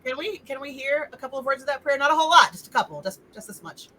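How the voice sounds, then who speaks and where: A woman running a tabletop role-playing game as game master, animated and teasing, laughing often. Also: sits high, very fast, rough recording. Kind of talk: casual tabletop game narration.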